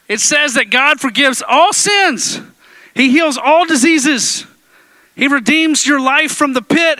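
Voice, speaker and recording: Joking around with the room, a pastor gives an energetic sermon to his congregation in the church sanctuary, sometimes slipping into deep impressions. His tone is sharp and the recording has no echo.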